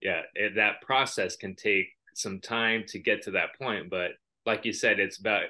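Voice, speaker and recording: A man speaks in a relaxed, reflective podcast conversation, drifting into personal stories. His voice sits a little low yet rings very bright and sharp. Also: moderate pace. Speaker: podcast co-host. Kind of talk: casual chat.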